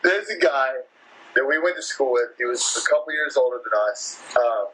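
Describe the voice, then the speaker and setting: A man co-hosting a podcast in casual chat. He jokes around in a relaxed way and swears freely. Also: mid-range voice, moderate pace, breathy edge, poor audio. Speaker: podcast co-host.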